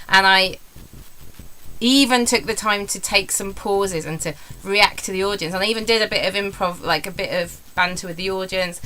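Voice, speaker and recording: A woman's voice: lowish voice, bright, forceful tone, slight background noise, rough recording. An English woman in her forties, a stand-up comedian, talking candidly and rambling in a casual vlog. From England. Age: 40s. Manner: candid, rambling, self-deprecating.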